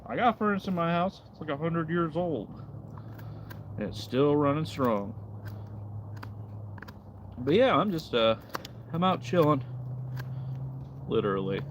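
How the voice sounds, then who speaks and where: A man's voice: fairly high pitch, expressive, unhurried, pauses often, a little hiss or hum. A man casually chatting on a livestream outdoors in the cold, reading out and answering chat messages. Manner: laid-back, reads and answers chat while carving. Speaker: livestream host.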